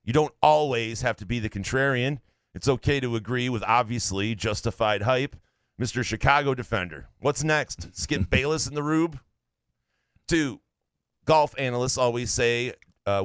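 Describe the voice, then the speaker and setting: A man's voice: medium pitch, fairly bright tone, dry recording. A man co-hosting a casual sports podcast, reading listener takes in a blunt, profane way. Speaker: podcast co-host.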